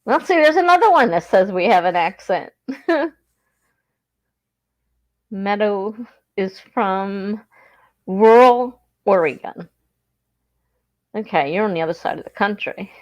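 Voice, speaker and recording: With a mid-range, animated voice, this woman talks slowly and leaves long pauses. She hosts a relaxed livestream in a South Jersey accent, being from southern New Jersey, reading viewers' comments aloud, chatting and laughing often.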